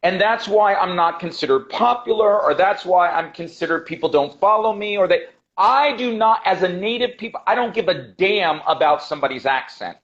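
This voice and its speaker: An American man with a high voice speaks emphatically as a guest on a video call, pressing his points and repeating them for weight. He is an English teacher who calls his host brother. The audio is dull and lo-fi, as call audio often is. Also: expressive, normal speed, hardly any pauses, fairly bright tone. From United States. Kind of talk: passionate interview talk.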